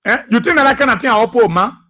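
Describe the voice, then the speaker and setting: High-voiced husky Liberian radio host, bright and fiery, preacher-like repeats. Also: male voice, fast. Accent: Liberian English. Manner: fiery, repetitive, preacher-like delivery. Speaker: radio talk show host. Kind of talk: impassioned political commentary.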